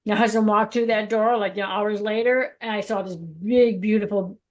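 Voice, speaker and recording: A woman co-hosting a spiritual podcast in casual chat, telling stories with lively quoted voices. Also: medium pitch, moderate pace. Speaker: podcast co-host.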